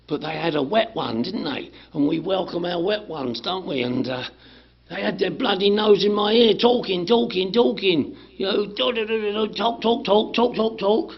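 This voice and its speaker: A man telling his recovery story to a meeting in an animated way, acting out the dialogue, swearing and laughing. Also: high-pitched, normal speed, vocal fry, breathy edge. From England. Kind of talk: personal recovery story told to a group. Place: community meeting room. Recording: dull lo-fi room recording.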